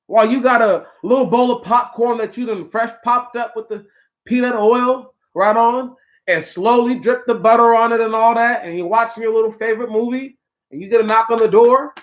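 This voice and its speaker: Brief: male talk host, higher-pitched voice, preachy casual monologue, slangy asides to listeners. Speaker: podcast host.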